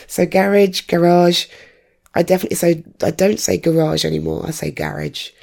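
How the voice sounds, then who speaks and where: A woman from North London with an English accent that has drifted from how she grew up, chatting in a rambling, self-deprecating way on a home recording setup; her voice sounds rough today. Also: sits low, dark tone. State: rough, off-colour voice. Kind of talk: casual chatty monologue.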